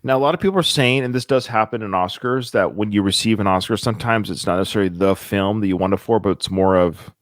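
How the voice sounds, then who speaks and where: A man's voice: on the low side, quick pace, hardly any pauses, no room sound, studio quality. A man hosting a casual film podcast, talking with enthusiasm and reeling off lists of film titles. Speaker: podcast host.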